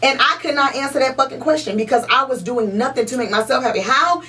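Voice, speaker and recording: A woman's voice: high voice, fast, pushed and bright. A young woman co-hosting a podcast in casual chat. She is emphatic and profane and repeats her points for stress. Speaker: podcast co-host. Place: podcast room. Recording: voice a little distant from the mic.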